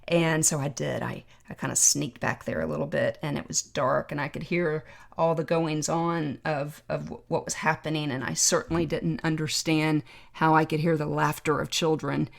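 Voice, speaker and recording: A middle-aged woman hosting a podcast, telling a personal story in a reflective, emotional way with pauses. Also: low voice, little pitch movement, gravelly. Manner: reflective, emotional, pausing to remember. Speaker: podcast host, trauma doctor.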